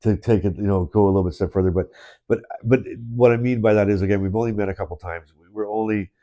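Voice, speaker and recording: A man's voice: fairly low pitch, steady tone, fast, warm tone, highs cut off. A man co-hosting a podcast in casual conversation, rambling with many restarts and chuckles. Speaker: podcast co-host. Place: indoors, in-person studio.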